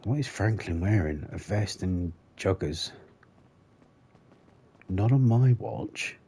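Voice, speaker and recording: Low, mellow-voiced man chatting on stream. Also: animated, slow pace, breathy edge. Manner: joking, rambling, swears often, laughs at his own jokes. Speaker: gaming livestreamer. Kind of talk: casual livestream chat while playing.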